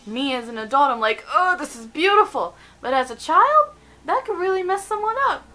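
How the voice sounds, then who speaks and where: Bright-voiced, chatty young woman vlogger. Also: high voice, a little fast, low-quality recording. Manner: chatty and animated, giggles between points. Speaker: video host. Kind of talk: casual vlog countdown.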